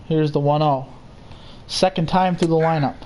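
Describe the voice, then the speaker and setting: A young man calling a baseball game play by play, steady and unhurried, with casual asides. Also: fairly high pitch, slight background noise. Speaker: play-by-play commentator. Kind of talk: simulated baseball commentary.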